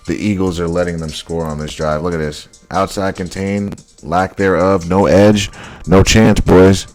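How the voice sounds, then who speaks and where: A man breaking down football highlights in casual commentary, blunt and exasperated, repeating his points. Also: steady tone, normal speed, faint music behind. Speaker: football film analyst.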